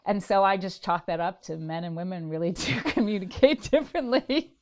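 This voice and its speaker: A middle-aged woman, a guest in an interview, telling her story in a lively way and acting out what others said. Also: mid-range voice, a little fast, a little hiss or hum. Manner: animated storyteller acting out quotes.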